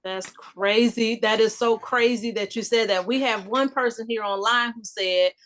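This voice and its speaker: A woman in her fifties telling a personal story in a casual group discussion, animated and emphatic. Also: a little high, moderate pace. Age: 50s. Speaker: discussion panelist.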